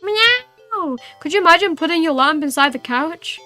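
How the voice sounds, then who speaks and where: A woman's voice: sits high, fast talker, sharp tone, faint music behind. A young woman streaming a game, reading its text aloud and chatting, playful and giggly with cat-like meows.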